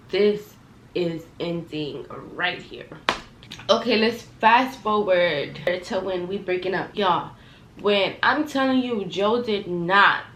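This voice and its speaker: Animated young woman telling a storytime. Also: medium pitch, a little hiss or hum. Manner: animated, profane, talks straight to viewers. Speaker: vlogger. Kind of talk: storytime vlog. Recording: echoey room, faint ambience.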